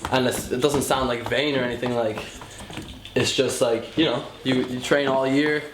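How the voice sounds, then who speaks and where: A man's voice: medium pitch, fairly even intonation, normal speed, noisy background. A young man talks casually and rambles with lots of fillers in a documentary interview about his sport. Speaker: freestyle footballer. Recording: roomy echo.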